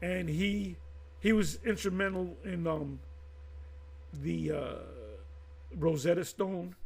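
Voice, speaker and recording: Man host, high voice with husky gravel, rambling and emphatic, unscripted commentary to his viewers. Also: fairly even intonation, darkish tone. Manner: rambling, halting, with frequent restarts and asides; emphatic, addressing viewers directly. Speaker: channel host teaching Bible history. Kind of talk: casual unscripted commentary, reading sources aloud.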